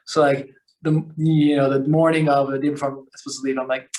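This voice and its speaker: A man telling long stories as a podcast guest, rambling and animated, with lots of fillers, restarts and slang. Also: mid-range voice, quick pace. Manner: slangy, calls the host bro. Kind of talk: casual storytelling conversation.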